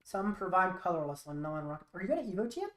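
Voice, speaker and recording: A woman streaming a card game who mutters her plays aloud in a wry, thinking-out-loud manner. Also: on the low side, big pitch swings, fast. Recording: roomy echo.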